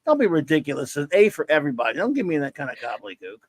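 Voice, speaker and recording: A man's voice: on the high side, big pitch swings, racing, a little hiss or hum. A man hosting a casual livestream podcast, talking in jokey, teasing showman patter. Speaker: podcast host.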